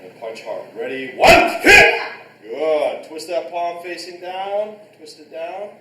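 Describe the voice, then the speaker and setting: A man teaching a live karate class, barking short commands and shouting counts, recorded in a restaurant event space from a distance. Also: fairly high pitch, a little slow, very noisy. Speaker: martial arts instructor. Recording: echoey room, picked up from far off.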